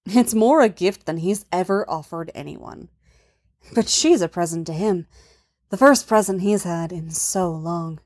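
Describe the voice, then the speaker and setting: A woman narrating a romance story in a soft, intimate, unhurried manner. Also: fairly low pitch.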